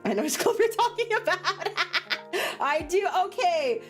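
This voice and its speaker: Woman streamer, lively pitch, rambling and giggly chat. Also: unhurried, soft background music. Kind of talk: casual chat on a livestream.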